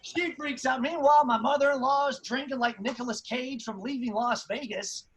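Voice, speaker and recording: High-voiced exasperated male comic. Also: a bit bright, low-quality recording. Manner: fast, exasperated storytelling with crude punchlines. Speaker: stand-up comedian. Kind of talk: stand-up comedy set. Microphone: video call.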